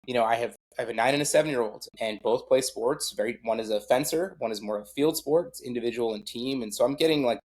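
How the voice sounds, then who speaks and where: A man's voice: medium pitch, fast talker, hardly any pauses, a little mellow. A middle-aged man, a guest on a podcast, talking casually about sports in a rambling way full of fillers and self-deprecating asides. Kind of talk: casual conversation.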